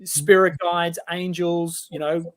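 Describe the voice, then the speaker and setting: An Australian man in his forties shares a long personal story as an interview guest. His voice sits a little high for a man, and he slips into quick impressions of the people in his tale as he goes. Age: 40s. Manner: animated storyteller who acts out quoted voices.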